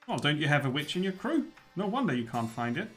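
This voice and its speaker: A man's voice: a little high, big pitch swings, fast talker, a bit bright, soft background music. A man voicing a scornful, haggling male capybara trader while reading game dialogue aloud. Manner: sneering, dismissive.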